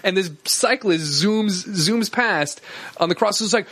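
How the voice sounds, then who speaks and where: A man co-hosting a casual comedy podcast, an animated storyteller who swears a lot and shouts when he acts out arguments. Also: sits high, a little slow, husky. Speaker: podcast co-host.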